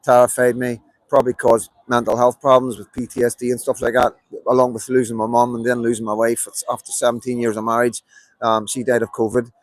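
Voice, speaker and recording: Middle-aged Belfast man, mid-pitched, emphatic live-stream rant, dry recording. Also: flat delivery, brisk, no echo, low-quality recording. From Belfast, Northern Ireland. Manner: emphatic and repetitive, many fillers. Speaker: livestreamer. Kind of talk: rambling live political monologue.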